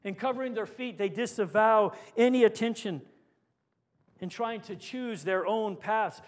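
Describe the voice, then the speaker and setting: A man, a pastor, preaching a sermon with swings between forceful lines and hushed, quiet emphasis. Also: high voice, a little slow. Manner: dynamic preaching, dropping to hushed tones for emphasis.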